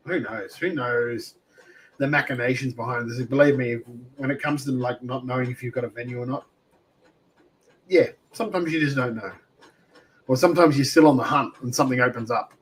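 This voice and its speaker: A man's voice: mid-range voice, a little fast, slight background noise, poor audio. A man co-hosting a wrestling podcast, chatting casually with wry, swearing humor. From Australia. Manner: wry, swears, laughs often. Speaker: podcast co-host. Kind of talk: casual chat.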